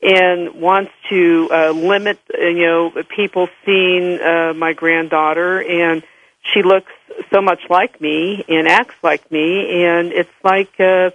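A man in his sixties calling a radio show, talking in a rambling, halting way with many fillers. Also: high-pitched, little pitch movement, lo-fi sound. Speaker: radio caller.

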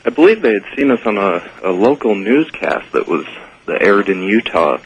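A man's voice: on the low side, sing-song, moderate pace, lo-fi sound. A man guesting on a radio interview as a ghost investigator, explaining in a matter-of-fact way.

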